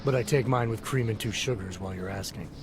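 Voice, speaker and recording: A man's voice: lowish voice, fast, background noise, close to an everyday voice. Jensen, man voicing a terse cyborg agent. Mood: dry. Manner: terse and deadpan.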